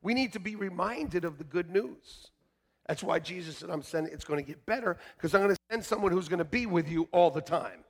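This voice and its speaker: High-voiced pastor swinging between hush and shout. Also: male voice, expressive, fairly quick, husky. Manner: swings from quiet asides to shouted emphasis, joking with the congregation. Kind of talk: sermon. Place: church sanctuary.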